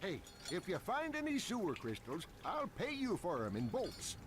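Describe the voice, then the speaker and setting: Cheerful working-class plumber, high, lively, bragging, noisy game audio. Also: male voice, moderate pace. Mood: folksy. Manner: folksy, boastful. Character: gruff cheerful middle-aged sewer plumber. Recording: game audio with clear noise.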